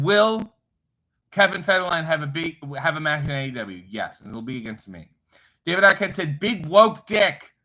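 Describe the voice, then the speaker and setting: A man's voice: a little high, sharp tone, poor audio. A man hosting a casual livestream, reading viewer comments aloud with irreverent, wry, profane asides. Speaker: livestream host reading chat. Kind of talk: casual live chat.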